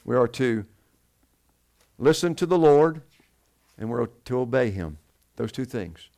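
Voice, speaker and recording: A man's voice: medium pitch, expressive, a little slow, vocal fry, mellow. A man preaching a sermon to his congregation, asking them questions and answering them himself. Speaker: pastor.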